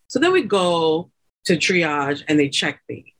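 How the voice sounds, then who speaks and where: A woman guest on a podcast, telling her own story in a chatty, laughing way and acting out the people she quotes with loud, high bursts. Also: very animated, normal speed. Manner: chatty, laughing often, many fillers like "like" and "you know". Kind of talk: animated birth story told in casual chat.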